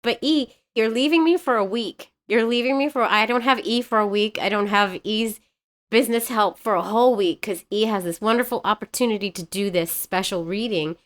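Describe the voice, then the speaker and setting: A middle-aged woman co-hosting a podcast, an animated storyteller who laughs often in casual chat. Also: medium pitch, fairly quick. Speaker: podcast co-host.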